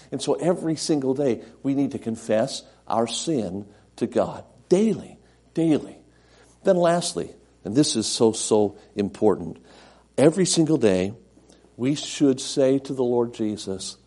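A middle-aged man preaching a sermon as pastor, earnest, repeating himself and moving between loud and soft delivery. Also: mid-range voice, moderate pace.

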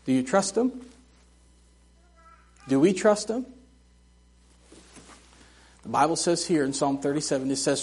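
A middle-aged man preaching a sermon in a church, telling folksy, humorous stories in an animated way. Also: a little high, a little slow, long pauses, husky. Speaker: missionary preacher. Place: church sanctuary.

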